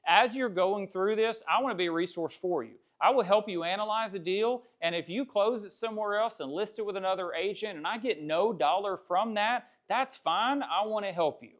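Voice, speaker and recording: A man's voice: high-pitched, moderate pace, hardly any pauses, a bit bright. A man teaching a real estate investing class in a live seminar, talking candidly and conversationally and often repeating himself. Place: classroom with cameras. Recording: dull lo-fi sound.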